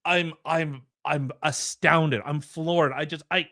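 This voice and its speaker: Heated, bright-voiced podcast host man. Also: a little high, fairly even intonation, slow, no echo, studio quality. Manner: indignant, heated, stammering restarts. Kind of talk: opinionated commentary.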